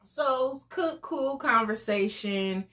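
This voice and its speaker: A woman's voice: a little high, slow, pushed and bright. A woman in her forties telling a personal story in a chatty, conversational vlog. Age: 40s. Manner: chatty, conversational, full of fillers. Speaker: vlogger.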